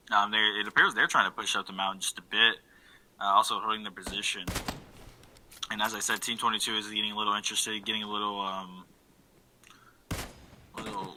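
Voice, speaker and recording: Bright-voiced man casting a game. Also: fairly low pitch, slight background noise, low-quality recording. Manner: relaxed play-by-play with frequent fillers and self-corrections. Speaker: esports caster. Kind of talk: live game commentary.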